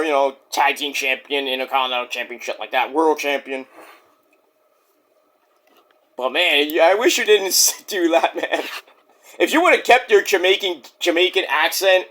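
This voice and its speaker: A man's voice: on the high side, a bit bright. A man casually reviewing a wrestling show in a rambling, jokey, profane way.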